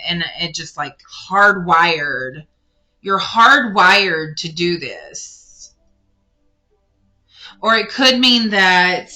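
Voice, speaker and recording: A woman giving a casual spiritual card reading, rambling and correcting herself as she speaks straight to the listener. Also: fairly low pitch. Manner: rambling, self-correcting, warm addressing of listener. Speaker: tarot card reader.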